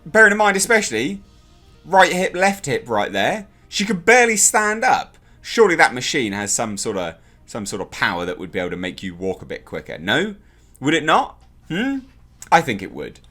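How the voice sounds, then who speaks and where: A young man giving a casual, exasperated spoken review of a TV episode, ranting in an animated way. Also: on the high side, moderate pace, faint music behind.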